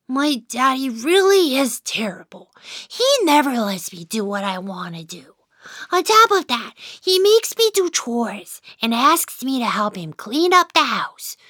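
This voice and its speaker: A woman's voice: on the high side, pushed and bright, no echo, studio quality, exaggerated voice. A woman voicing an unhappy little boy mouse who narrates his own storybook, grumbling and sighing about his dad. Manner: sulky, sighing, then giddy. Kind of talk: first-person storybook narration.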